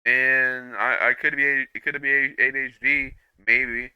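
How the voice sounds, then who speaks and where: A young man rambling through a personal monologue, halting with frequent restarts and repeats, swearing freely, on a dull lo-fi recording. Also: mid-range voice, flat delivery, clean tone, no room sound.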